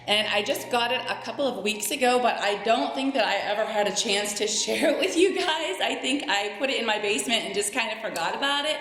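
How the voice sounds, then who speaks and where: A woman's voice: a little high, animated, a little fast, hardly any pauses. A woman chatting upbeat to her viewers as she decorates her home, talking them through each step. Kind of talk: casual decorating tutorial narration. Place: her home living room. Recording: very echoey room with soft background music.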